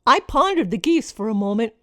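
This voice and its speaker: A middle-aged woman from Minnesota reading her own personal story in a reflective, expressive way. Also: on the high side, a little fast, dry recording, studio quality. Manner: reflective, expressive, lingering over list words.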